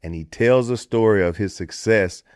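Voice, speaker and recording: A man's voice: lowish voice, normal speed, clear, resonant tone, no room sound, clean studio sound. A middle-aged American man in a casual podcast chat, telling stories with put-on voices and plenty of swearing. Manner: animated storyteller, puts on voices for quotes, swears freely. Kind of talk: casual storytelling.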